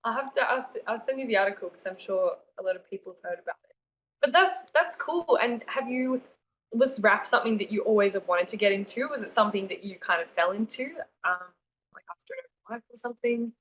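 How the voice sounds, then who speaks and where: A woman's voice: a little high, a little fast, a bit bright, a little hiss or hum. A young woman, a singer-songwriter guest, chatting casually and giggling with lots of fillers. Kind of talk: casual chat.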